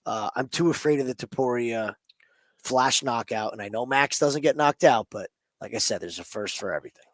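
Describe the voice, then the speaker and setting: Relaxed male betting co-host, dry sound. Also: medium pitch, a little fast, dry recording. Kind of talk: casual sports betting chat.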